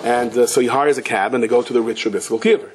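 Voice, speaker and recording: A rabbi telling a story in a Torah class in a lively way, who often laughs and breaks into excited character voices. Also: male voice, medium pitch, quick pace, a little hiss or hum. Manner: laughs often and restarts sentences.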